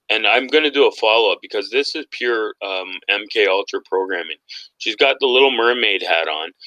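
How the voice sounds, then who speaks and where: A man hosting a casual online talk show, animated and mocking, laughing often as he goes. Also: on the low side, no room sound, poor audio. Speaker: podcast host. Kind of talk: casual conspiracy talk chat.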